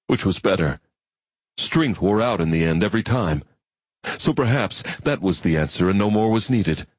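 A man narrating an audiobook in a measured, reflective way. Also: sits low, darkish tone, slightly rough, no echo.

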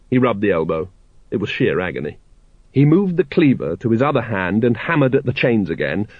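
A male narrator reading a novel aloud with an expressive, character-driven delivery. His pitch moves animatedly from line to line. The recording is dry and slightly dull. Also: no echo. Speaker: audiobook narrator. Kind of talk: scripted narration.

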